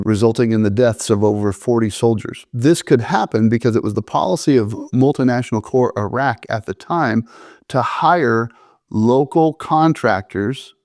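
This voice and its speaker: A middle-aged man tells an army story in his own voice, measured and deliberate, with a dry, matter-of-fact wit. His voice sits in a middle pitch for a man. The sound is close and dry, with no room around it. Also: a little mellow, no room sound. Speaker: army veteran telling stories. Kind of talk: first-person storytelling to camera.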